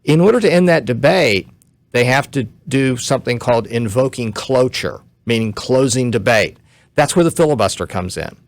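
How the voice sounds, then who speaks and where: A man's voice: mid-range voice, expressive, no echo. A man who is a guest commentator, explaining law step by step on a talk radio show, short on sleep. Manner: measured, explains step by step, some restarts.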